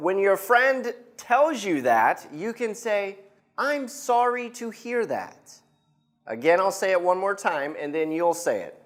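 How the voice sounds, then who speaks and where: Brief: male English teacher, animated sing-song pitch, repeats phrases for practice. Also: brisk, hardly any pauses. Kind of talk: classroom instruction.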